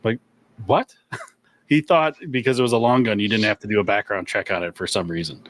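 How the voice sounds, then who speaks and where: A man's voice: lowish voice, expressive, fast, a bit bright. A man hosting a gun shop livestream, reading viewer questions in a laid-back, chuckling way with lots of fillers.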